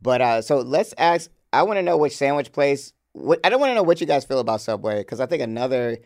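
A man's voice: mid-range voice, very animated, fairly quick, a little mellow. A man co-hosting a podcast in a laid-back, rambling casual chat, laughing often. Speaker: podcast co-host.

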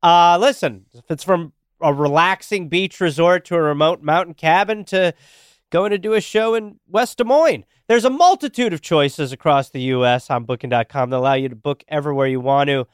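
A man's voice: on the high side, moderate pace, clean tone, no echo, clean studio sound. A man co-hosting a comedy podcast, reading a sponsor spot in a loose, joking, rambling way. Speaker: podcast co-host. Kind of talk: casual chat and read ads.

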